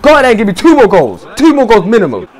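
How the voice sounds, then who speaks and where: A young man giving loud, swearing live commentary over a football video game, swinging from shouts to low mutters. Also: huge pitch swings, fast. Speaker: gaming streamer.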